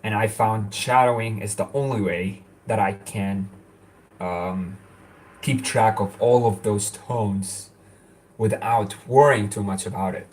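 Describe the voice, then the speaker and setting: A man's voice: fairly low pitch, slow, a little mellow, slight background noise. A young man whose first language is Arabic, chatting casually in a vlog, rambling with many fillers and restarts and laughing often. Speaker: language-learning vlogger.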